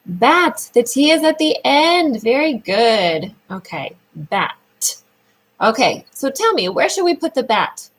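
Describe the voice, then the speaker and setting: A woman speech therapist guides a young child through a sound lesson. Her voice sits a little high and swoops up and down in a sing-song way. She talks slowly, drawing words out and praising each answer. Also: sing-song, poor audio.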